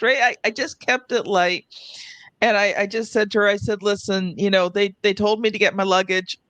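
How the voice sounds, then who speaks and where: A woman's voice: mid-range voice, fairly even intonation, moderate pace, fairly bright tone, no room sound. A woman hosting a podcast, telling a personal travel story in a chatty way with many fillers. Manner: chatty, uses many "like" fillers, mimics others. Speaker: podcast host. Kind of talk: casual chat, personal anecdote.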